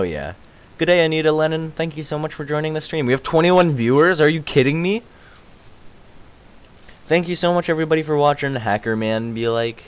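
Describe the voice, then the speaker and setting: A young man chatting casually on a live game stream, excitable and laughing often, his voice worn out. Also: mid-range voice, smooth. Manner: excitable, laughs often, yelps and shouts when startled.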